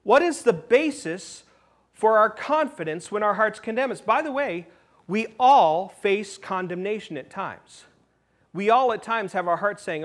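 A man preaching as a pastor in a church, lively and animated, moving from loud emphatic questions to quiet, intimate asides and playful jokes. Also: high voice, unhurried. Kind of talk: sermon. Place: church sanctuary.

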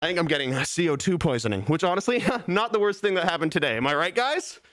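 A man's voice: a little high, lively intonation, fast talker, a bit bright, no echo, clean studio sound. Breathless joking young man streamer. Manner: joking, rambling, self-mocking. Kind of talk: casual livestream chat.

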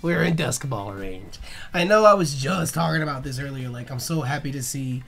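A young man hosting a casual let's play, excitable and profane, talking back to the creatures on screen. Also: medium pitch, moderate pace, gravelly. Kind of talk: casual gameplay commentary.

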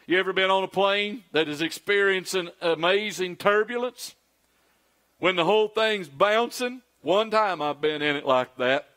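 A man's voice: high-pitched, moderate pace, a bit bright. A middle-aged man preaching a sermon as pastor, acting out quoted pleas in a raised, pleading voice.

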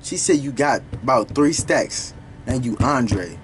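A young man hosting a reaction video, talking casually and profanely as he pauses a song to break down its lyrics. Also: mid-range voice, a little hiss or hum. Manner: animated, profane, slangy, stops the song to explain lyrics.

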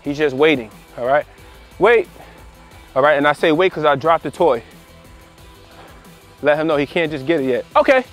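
A man's voice: fairly high pitch, fairly even intonation, fairly quick, pauses often, soft background music. A man working as a dog trainer, talking casually to the camera while training his dog, repeating phrases and tagging on "all right" and "you know" as he goes. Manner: gives short commands to his dog. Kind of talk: casual instructional talk to camera.

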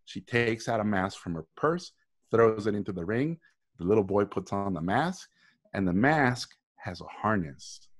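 Lower-voiced man telling a vivid story. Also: a little slow. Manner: animated storyteller acting out quoted lines. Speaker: guest speaker on pitching animation. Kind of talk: storytelling talk. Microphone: video call.

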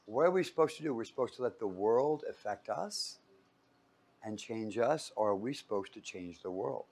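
A man from Los Angeles, giving a casual, joking sermon full of stories. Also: mid-range voice. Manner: chatty, joking storyteller. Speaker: preacher.

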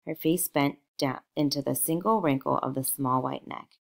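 A woman narrating a novel aloud in a measured, expressive storytelling manner. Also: extremely low pitch, creaky. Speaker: audiobook narrator.

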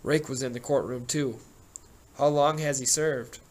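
A man voicing a gruff middle-aged male small-town sheriff, a rambling, folksy storyteller who grunts and growls his words. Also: medium pitch, fairly even intonation, measured pace, lightly acted. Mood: folksy storytelling.

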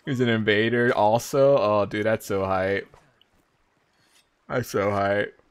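A young man streaming a live video game playthrough, excitable and laughing often, his voice leaping up into high squeals. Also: slow, clear, resonant tone. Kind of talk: live gameplay commentary.

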